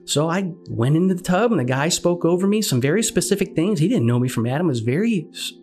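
A man's voice: fairly high pitch, fast, soft background music. A man earnestly recounting a personal faith story, acting out the dialogue as he goes. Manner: earnest, animated retelling with quoted dialogue. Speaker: guest sharing testimony.

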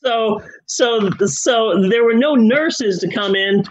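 A man's voice: high-pitched, takes it slowly, dry recording, lo-fi sound. A man hosting a podcast, telling a history story in a rambling, sarcastic, casual way with the odd swear. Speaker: podcast host.

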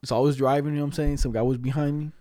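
A young man rattles off a rambling story at a fast clip, full of slang and cursing. His voice is dark and mellow, and the recording is dry and close. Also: on the high side, flat delivery, no room sound. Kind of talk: casual chat.

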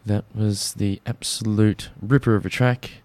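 His pitch fairly low and his tone steady and a little mellow, a young Australian community radio host speaks a little slowly. He chats casually and jokes around, rambling with many fillers, recorded without echo.

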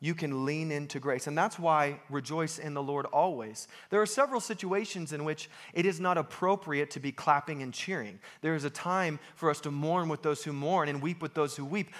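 A young American man preaching a sermon in a lively, emphatic way. He pokes fun at himself and repeats lines for weight. His voice sits a little high for a man. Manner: lively, self-deprecating, emphatic with repeated phrases. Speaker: pastor.

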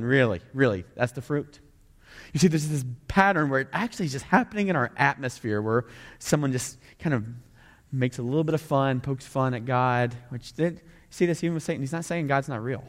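A male pastor preaching a sermon in a conversational way, often mimicking sarcastic voices to make his point. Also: fairly high pitch. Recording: long hall reverb.

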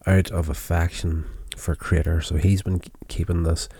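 A man's voice: low voice, flat delivery, moderate pace, creaky, dark tone, breathy edge, dry recording. A tired man casually recapping a television episode, rambling with many fillers and restarts. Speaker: show recapper.

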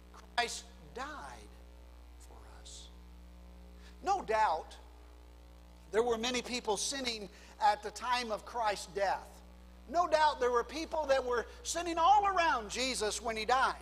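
A man preaching a sermon as a pastor, swinging between hushed low phrases and loud emphatic lines. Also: long reverb tail, slight background noise, low-quality recording. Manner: preaching with dramatic drops to a hush and rising emphasis.

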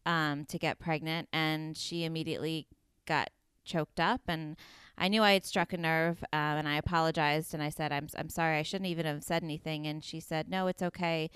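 A woman's voice: low-pitched, a bit bright, clean tone, dry recording, studio quality. A woman in her thirties, a guest in an interview, telling a personal story earnestly and with feeling, with many fillers and quoted dialogue.

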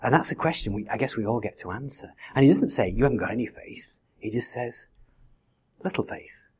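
A man's voice: mid-range voice, animated, fast, a little mellow, husky. A man preaching a sermon in a conversational way, full of rhetorical questions. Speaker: pastor.

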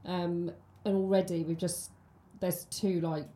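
A woman's voice: fairly low pitch, level tone, unhurried, mellow. A woman, co-hosting a casual film podcast and chatting with many ums and restarts. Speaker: podcast co-host. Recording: roomy echo.

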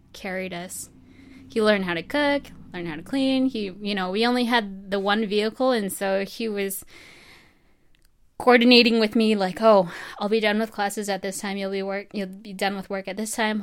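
A young woman from New Mexico talks through her time in medical school in a loose, rambling way. Her voice is smooth and clear, sitting in a middle pitch, and she laughs often and slips into the voices of people she quotes. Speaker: medical student interviewee. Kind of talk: casual personal storytelling.

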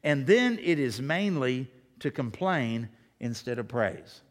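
A middle-aged man preaching a sermon as pastor, emphatic, his voice climbing high when he presses a point. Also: lively intonation, takes it slowly.

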